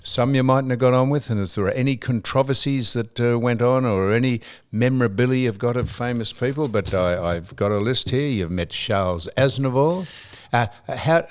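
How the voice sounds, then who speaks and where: An older Australian man hosting a podcast interview, asking questions in a halting, hesitant way. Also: medium pitch, clean tone. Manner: hesitant, halting, many fillers and restarts. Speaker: podcast host. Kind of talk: casual interview.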